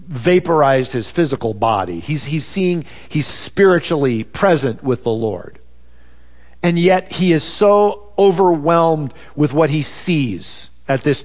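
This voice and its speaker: A man preaching a sermon in a conversational way, peppered with "you know.". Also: fairly high pitch. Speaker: pastor. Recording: dull sound with long reverb.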